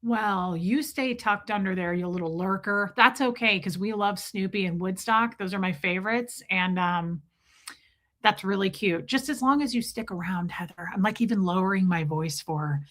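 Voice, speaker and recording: A woman's voice: mid-range voice, moderate pace, a bit bright. A woman hosting a casual live stream, greeting viewers by name, self-mocking and laughing often. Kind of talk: casual live chat reading viewer comments.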